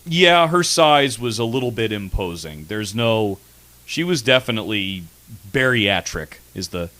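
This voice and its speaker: A man's voice: fairly low pitch, animated, a little slow, sharp tone. A man hosting a radio comedy show, chatting in a crude, mocking, rambling way with lots of restarts. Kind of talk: casual comedic chat. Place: radio studio.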